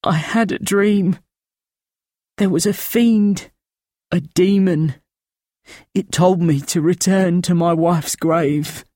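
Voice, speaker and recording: A frightened, feverish peasant man with a thin, rasping voice pitched well up and trembling , as a male audiobook reader puts him on. He pleads slowly and shakily, close to tears. The recording is dry and close. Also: dark tone, no room sound. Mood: haunted. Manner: pleading, shaky and tearful. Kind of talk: audiobook character voice.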